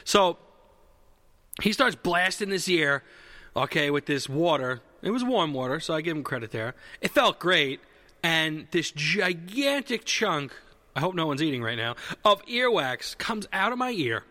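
With a bright, forceful, slightly high voice, a man tells a rambling comedic story in a relaxed, casual manner. He corrects himself mid-sentence, keeps circling back and swears freely, his pitch swinging widely at an unhurried pace. A long hall reverb colors the recording.

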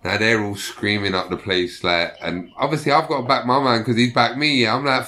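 A man's voice: lowish voice, brisk, hardly any pauses. A young man telling prison stories in casual slang, swearing and acting out the people he quotes. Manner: profane, animated, acts out quoted voices. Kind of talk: casual storytelling.

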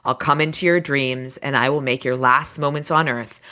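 A woman voicing a gloating male sorcerer ghost, drawling out slow threats in a read-aloud book scene. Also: extremely low pitch, steady tone, pushed and bright. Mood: menacing.

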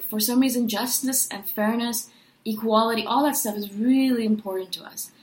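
A woman's voice: a little high, echoey room, low-quality recording. A woman talking casually and earnestly in a monologue, venting her feelings and asking rhetorical questions. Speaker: personality-type video host.

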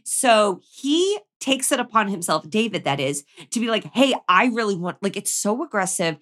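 A woman's voice: mid-range voice, very animated, normal speed, fairly bright tone. Chatty woman co-host. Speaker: podcast co-host. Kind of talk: casual chat recapping a TV show.

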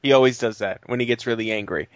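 A man's voice: medium pitch, fast. A brash man riffs on a late-night podcast, joking, bragging and cursing casually. His voice comes through a dull, lo-fi recording in a dry room with no echo. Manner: brash, joking, swears freely. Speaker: podcast co-host. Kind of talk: casual chat.

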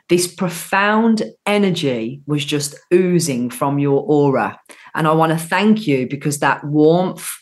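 Gushing woman with a Birmingham accent. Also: sits low. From Birmingham, England. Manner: gushing, emphatic, with many restarts. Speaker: podcast host. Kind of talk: effusive interview chat.

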